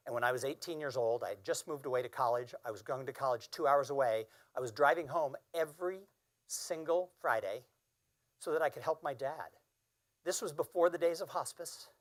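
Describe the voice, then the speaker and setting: Earnest man giving a keynote. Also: medium pitch. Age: 50s. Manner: earnest personal storytelling, emphatic. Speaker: keynote speaker. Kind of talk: keynote speech.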